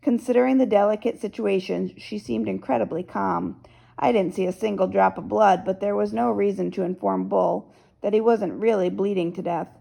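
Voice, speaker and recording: A woman reading a novel aloud as first-person narrator, in a steady storytelling manner. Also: medium pitch, normal speed, vocal fry, rough recording. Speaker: audiobook narrator.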